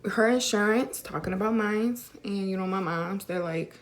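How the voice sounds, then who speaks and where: A woman's voice: medium pitch, moderate pace. A young woman vlogger casually telling a personal story to camera, filling her talk with "like" and "you know.". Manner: chatty, many fillers like "like" and "you know".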